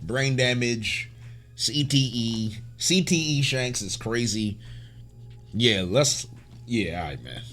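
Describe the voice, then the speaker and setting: A man hosting a casual comic reaction, reading panels aloud, excitable and slangy, laughing often. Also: medium pitch, takes it slowly.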